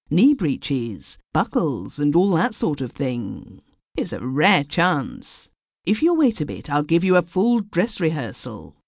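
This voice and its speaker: A woman reads as a boastful young amateur actor in a storybook tale. He talks eagerly and sharply with lively pitch, recorded close and dry. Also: no room sound, heavily acted.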